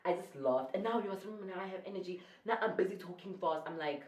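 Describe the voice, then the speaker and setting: A South African woman telling a casual storytime, rambling and excitable, often correcting herself mid-sentence. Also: lowish voice, quick pace, recorded from a distance. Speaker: YouTuber. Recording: echoey room, voice away from the mic.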